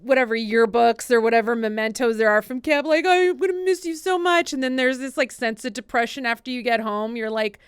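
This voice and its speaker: Chatty woman with a smooth voice. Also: a little high, brisk, few pauses, no room sound, studio quality. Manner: chatty, many "like" fillers, animated retellings. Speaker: podcast co-host and assistant, guest. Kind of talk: casual interview storytelling.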